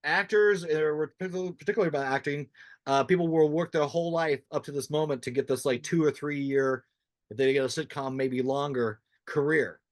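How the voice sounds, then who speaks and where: A man's voice: a little high, fairly quick, no echo. A man hosting a podcast, chatting casually in a rambling, frank way that often restarts his thoughts. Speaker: podcast host. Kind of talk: casual interview chat.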